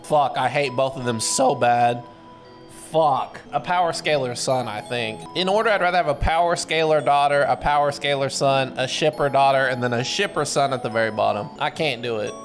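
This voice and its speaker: A man streaming live, reacting casually and excitably while he reads, swearing freely and breaking into sudden shouts. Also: mid-range voice, normal speed, faint music behind.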